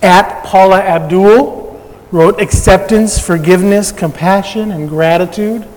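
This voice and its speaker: High-voiced pastor preaching in a hall. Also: male voice, a little slow, a little mellow. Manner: conversational preaching with light humor. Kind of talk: sermon.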